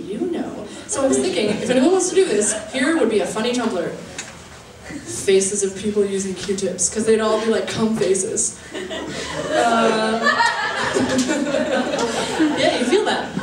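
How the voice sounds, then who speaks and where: A young woman doing a stand-up comedy set with a halting, chatty delivery full of fillers, often laughing at her own jokes. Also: on the high side, background noise. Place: comedy venue stage. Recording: roomy live-venue sound from a distance.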